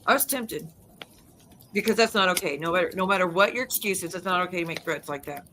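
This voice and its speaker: Heated, sharp-voiced woman ranting. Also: lowish voice, fast talker, a little hiss or hum, rough recording. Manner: heated, profane, blunt; emphatic, repeats denials. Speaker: YouTuber and live streamer. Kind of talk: casual vlog rant.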